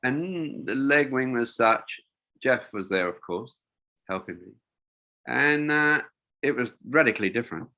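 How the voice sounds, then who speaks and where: A man's voice: medium pitch, lively intonation, unhurried, bright, forceful tone, muffled recording. An older man, a wingsuit designer, telling rambling stories in a casual interview, with lots of fillers and restarts.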